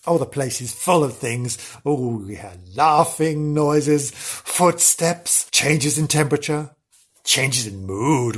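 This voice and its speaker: A host at an even, middle pitch who tells ghost stories like juicy gossip. The delivery is theatrical, with frequent gasps and oh dears, and stays in a comic storytelling mode. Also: slightly rough.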